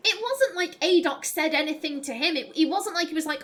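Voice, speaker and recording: A woman's voice: very high-pitched, animated, fairly quick, a bit bright. A young adult woman hosting a let's play, chatting casually, thinking aloud and reading the game text. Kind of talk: casual gameplay commentary.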